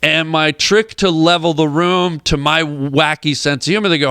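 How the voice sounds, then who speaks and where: A man's voice: fairly high pitch, normal speed, clean tone, dry recording, clean studio sound. A man, a guest comedian, telling a casual story on a radio talk show and acting out the voices of people in it. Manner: animated storyteller who acts out quoted voices. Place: radio studio. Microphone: studio microphone.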